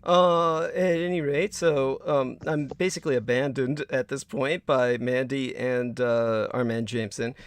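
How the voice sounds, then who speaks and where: A man cohosting a livestream, talking casually in a rambling, halting way with many fillers. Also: mid-range voice, steady tone, smooth.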